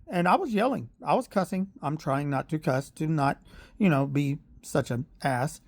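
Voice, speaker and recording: A man's voice: high-pitched, animated, normal speed, dry recording, clean studio sound. A man from Oklahoma, telling a heated, blunt story in a vlog rant with sarcastic asides. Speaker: parent vlogger. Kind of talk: ranting vlog monologue.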